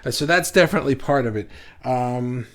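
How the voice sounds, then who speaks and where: A man hosting a casual livestream, talking excitedly to viewers and reading their comments, halting often with restarts. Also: medium pitch. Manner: says he talks fast when excited. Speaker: livestream host. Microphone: phone.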